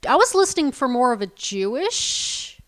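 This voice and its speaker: A woman's voice: high voice, sing-song, moderate pace, a bit bright. A woman co-hosting a podcast in casual chat, chatty and prone to trailing off and restarting. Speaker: podcast co-host.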